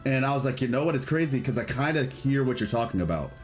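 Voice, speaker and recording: A man's voice: mid-range voice, expressive, fast, soft background music. Chatty male gaming streamer. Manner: chatty, rambling, enthusiastic, reads chat aloud. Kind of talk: casual livestream chat and game commentary.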